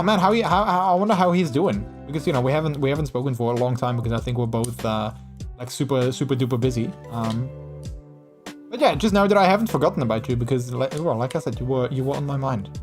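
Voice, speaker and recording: A man chatting casually on a live stream in an animated, gushing way, full of restarts. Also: mid-range voice, quick pace, music in the background.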